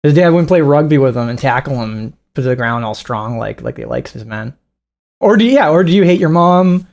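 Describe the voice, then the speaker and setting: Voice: medium pitch, animated, a little fast, a little mellow, dull audio. Podcast cohost just riffing, swears a lot, mocks people, voice bounces all over the place. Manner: rambling and profane, mocking, with laughs and acted-out quotes. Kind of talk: casual podcast chat.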